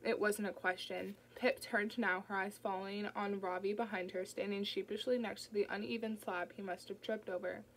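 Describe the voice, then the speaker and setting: A woman reading a novel aloud as an audiobook narrator, in a steady storytelling manner. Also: medium pitch, normal speed, hardly any pauses, slight background noise, poor audio.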